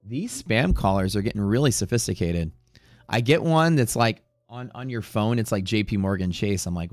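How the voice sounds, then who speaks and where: Male streamer host, lowish dry voice, rambling casual live commentary with faint music underneath. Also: a little fast, a little mellow, no room sound. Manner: chatty, rambling, occasionally profane. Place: Houston area.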